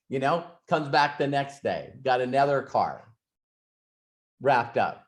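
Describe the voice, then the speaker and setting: A man's voice: medium pitch, very animated, slow, pauses often. Rambling male host telling a story. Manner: rambling, frequent restarts and asides. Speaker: host of an ask-me-anything session. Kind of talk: casual storytelling and advice.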